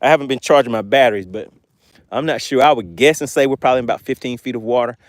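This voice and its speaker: A man's voice: medium pitch, quick pace, dry recording, clean studio sound. A man hosting a live fishing stream from a boat, chatting casually and laughing as he reads viewer comments aloud. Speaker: fishing channel host.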